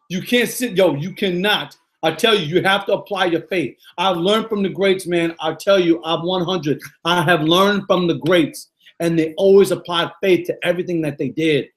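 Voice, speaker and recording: Brief: middle-aged male coach with a high voice, hyped and effusive, live pep talk to his followers. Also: fairly bright tone. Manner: exuberant, repetitive, peppered with "yo" and "man". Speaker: motivational coach. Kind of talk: live motivational talk, greeting viewers.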